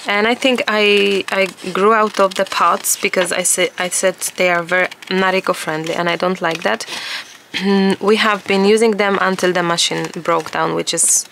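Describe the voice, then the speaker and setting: Woman in her 30s, gravelly morning voice, chatty and enthusiastic, musing aloud, noisy home studio recording. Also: medium pitch, fairly even intonation, normal speed, fairly bright tone. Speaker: collage artist and journal vlogger. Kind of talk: casual chat while crafting.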